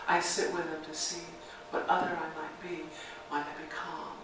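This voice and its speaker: A woman's voice: low voice, little pitch movement, moderate pace, noisy background. A woman minister giving a reflective sermon and leading her congregation in guided meditation, speaking in a church sanctuary. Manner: reflective, leads call-and-response chanting. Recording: very echoey sanctuary, mic far off.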